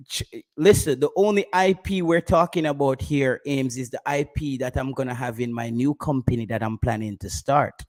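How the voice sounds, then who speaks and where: A man's voice: mid-range voice, moderate pace, darkish tone. A man with a Jamaican accent, hosting a casual live stream about football, bantering with his chat and laughing often.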